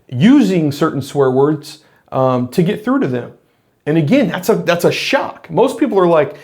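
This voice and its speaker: A man's voice: a little high, expressive, normal speed, a little mellow. A middle-aged man, a former police officer, talking earnestly in a reflective monologue to camera, explaining his points with frequent restarts.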